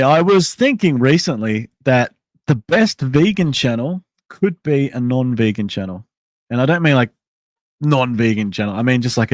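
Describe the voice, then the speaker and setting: A man's voice: mid-range voice, no room sound. A man hosting a casual livestream, thinking aloud in a rambling way with many restarts and answering chat messages. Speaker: livestream host.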